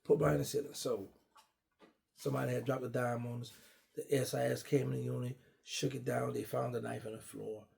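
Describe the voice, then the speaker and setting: A middle-aged man casually telling a long personal story, animated and acting out what others said. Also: medium pitch, gravelly. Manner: animated, acts out quoted dialogue. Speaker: guest storyteller.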